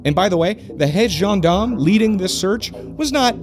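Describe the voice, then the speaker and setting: Indignant, expressive male storyteller. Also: high-pitched, normal speed, over music. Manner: indignant, profane, sarcastic asides. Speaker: true crime narrator. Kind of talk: casual storytelling narration.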